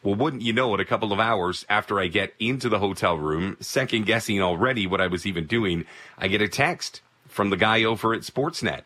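A man in his thirties, a baseball broadcaster, telling a personal story in a casual, animated way. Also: lowish voice, fairly quick. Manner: animated, energetic anecdote telling.

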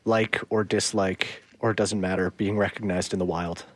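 A man's voice: deep voice, steady tone, moderate pace, no echo. A man co-hosting a morning radio show, bantering in an easygoing way with dry asides. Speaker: radio co-host. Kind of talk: casual radio chat. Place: radio studio.

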